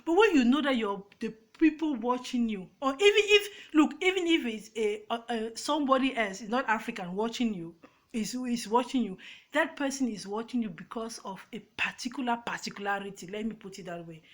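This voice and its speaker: A woman with a Cameroonian accent, a YouTuber, rants casually into her phone's front camera. Her voice sits on the high side and comes out expressive and brisk, and she speaks with emphasis and emotion, often restarting her sentences.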